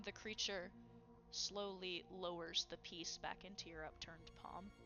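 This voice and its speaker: A woman narrating a tabletop game as game master, in a measured, atmospheric way. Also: on the low side, steady tone, highs cut off, over music.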